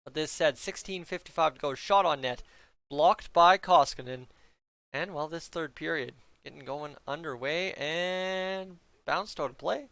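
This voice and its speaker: A young man talks his viewers through a hockey game in casual, chatty play-by-play, tossing in jokes and side comments. His voice sits a little high and sounds smooth and clear. The recording is dry and close. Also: measured pace, a bit bright, no room sound. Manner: chatty, joking asides to viewers. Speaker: fan streamer reacting to a hockey game. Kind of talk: casual play-by-play reaction chat.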